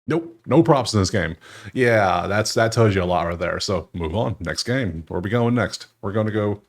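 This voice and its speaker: A man's voice: lowish voice, animated, moderate pace. A man hosting a sports betting channel, talking through games in a loose, joking way and chuckling often. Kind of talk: casual screen-share commentary.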